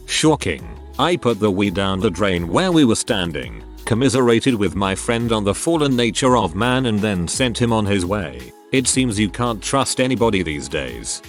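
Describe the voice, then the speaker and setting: A man narrating online stories in a calm, read-aloud storytelling manner. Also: on the low side, moderate pace. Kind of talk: scripted narration. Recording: faint music behind voice.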